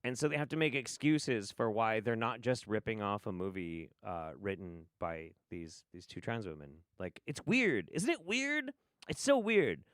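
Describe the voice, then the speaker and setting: A man's voice: lowish voice, sing-song, normal speed, no echo, clean studio sound. A man doing casual livestream commentary on clips, sarcastic and profane. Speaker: streamer reacting to clips. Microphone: studio mic.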